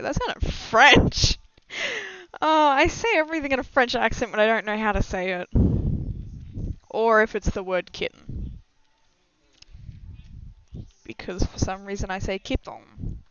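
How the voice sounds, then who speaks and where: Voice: mid-range voice, normal speed, long pauses, sharp tone, clean tone, dry recording. A young adult streamer chatting casually and rambling with frequent giggles and self-deprecating asides during a live stream. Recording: slightly dull lo-fi mic, dry.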